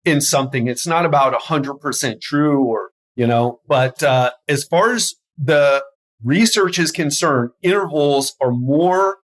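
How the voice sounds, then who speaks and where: A man's voice: on the high side, measured pace. Upbeat man hosting a health podcast. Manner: energetic, stumbles over words. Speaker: podcast host and health coach. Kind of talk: solo podcast monologue.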